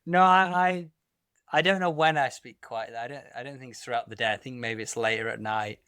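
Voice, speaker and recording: A man co-hosting a podcast in casual chat, laid-back, who swings between talking quietly and loudly. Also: mid-range voice, brisk, clean tone, no echo, clean studio sound. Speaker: podcast co-host.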